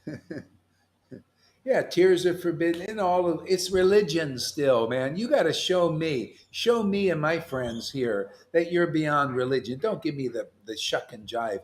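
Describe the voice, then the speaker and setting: A man giving an animated sermon as a spiritual teacher, loud and mocking, yelling at times and breaking into laughter. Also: fairly high pitch, measured pace.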